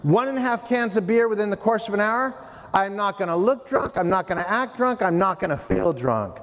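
A man giving a playful, animated prevention talk to middle schoolers at a school assembly, addressing them directly. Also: high-pitched, brisk. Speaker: youth prevention speaker. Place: middle school hall, indoors. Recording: long hall reverb, faint room noise.

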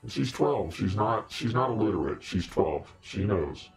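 A man's voice: mid-range voice, measured pace, few pauses, faint music behind. A middle-aged man, hosting a casual live stream chat, joking and rambling and laughing often.

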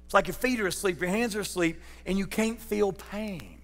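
A man's voice: high voice, moderate pace, long reverb tail. A man preaching a sermon as pastor, folksy and joking, putting questions to his congregation. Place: church sanctuary.

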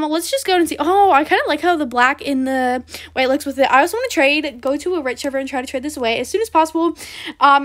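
A young woman chatting excitedly over a video game, with lots of ums and likes as she plays. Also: high voice. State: briefly out of breath. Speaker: gaming video host. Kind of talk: casual gameplay commentary.

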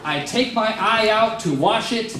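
This motivational youth speaker is a young man whose high voice moves at a measured pace with a sharp edge. In a large room, he delivers a rambling, self-deprecating talk to a youth group and takes their questions, recorded on a distant mic amid echo and crowd noise.

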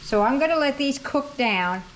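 Over the sizzle of frying food, a cooking channel host talks casually while she cooks at home, often correcting herself. Her voice is high-pitched with lively intonation at a normal speed. There's a little hiss or hum on the recording.

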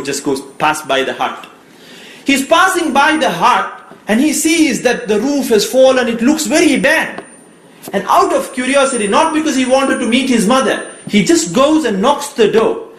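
A man preacher telling a moral story in a sermon, dramatic, swinging between loud and hushed. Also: high voice, reverberant, slight background noise, rough recording.

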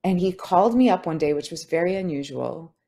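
Low-ish woman author on a podcast, musing, lots of likes and you knows. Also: animated, a little fast, mellow. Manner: thoughtful, frequent "like" and "you know" fillers. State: tearing up. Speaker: author guest. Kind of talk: reflective conversational interview.

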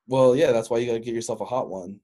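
A man's voice: medium pitch, fast talker, a crowd in the background. Teasing man hosting a crude podcast. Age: 30s. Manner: teasing, provocative questions. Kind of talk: casual crude chat.

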